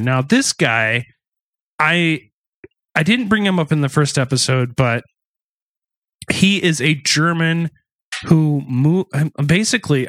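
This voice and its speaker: A man's voice: mid-range voice, a bit bright, no room sound. A man casually chatting on a dry podcast mic. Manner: conversational, loose, with restarts and asides. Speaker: podcast co-host. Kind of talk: casual true-crime podcast chat.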